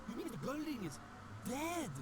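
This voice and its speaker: A man putting on a nosy male barman, pitched well above his own voice and leaping around in every line. He is eager and theatrical, and noise hisses clearly behind the recording. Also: heavily acted.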